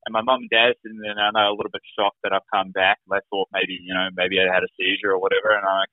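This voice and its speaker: A man's voice: sits low, little pitch movement, racing, no echo. A man, a guest on an interview, telling his own story in a rambling, casual way, full of "like" fillers. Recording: tinny phone-like remote call audio.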